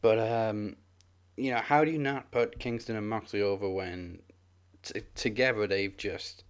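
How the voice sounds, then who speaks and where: Guy with a low voice chatting on a wrestling podcast, laid back and opinionated. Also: unhurried, clean tone. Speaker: podcast co-host. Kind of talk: casual podcast chat.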